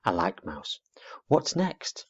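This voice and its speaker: A man's voice: low-pitched, wildly swooping pitch, takes it slowly, fairly bright tone, breathy edge, full character voice. A man voicing an anxious, eager young boy barn owl in a storybook reading, dull lo-fi recording. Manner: eager, chattery, a little boastful.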